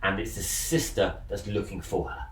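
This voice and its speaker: A man's voice: on the low side, fairly even intonation, moderate pace. A man hosting a film podcast, retelling a plot in a rambling way with many restarts. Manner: rambling, repeats words and restarts. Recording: roomy, distant mic with faint noise.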